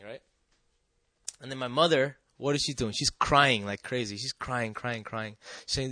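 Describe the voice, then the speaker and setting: A man giving a personal testimony to an audience, telling his story earnestly and often checking in with the listeners, sometimes dropping soft and quiet. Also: mid-range voice, normal speed, no echo. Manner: earnest and emotional, drops soft and quiet at tender moments. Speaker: speaker sharing a personal testimony.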